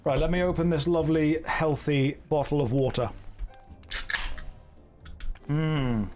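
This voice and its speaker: A man's voice: fairly high pitch, measured pace, darkish tone, soft background music. Dry, joking man streaming a game. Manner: dry, sarcastic running jokes. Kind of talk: casual live game commentary. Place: warm indoor room.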